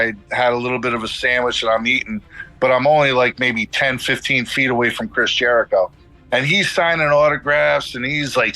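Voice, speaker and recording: A middle-aged man with a bright, forceful voice tells a story to podcast hosts, acting out each line of dialogue in quotes. His pitch sits right in the middle for a man, and faint music plays underneath. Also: dry recording, poor audio. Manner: animated, acts out dialogue in quotes. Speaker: guest musician telling a story.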